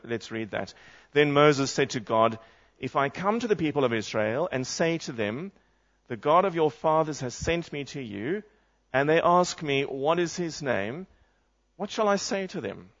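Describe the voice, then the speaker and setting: A man preaching a sermon, reading scripture aloud and putting questions to the congregation. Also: medium pitch. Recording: muffled lo-fi sound.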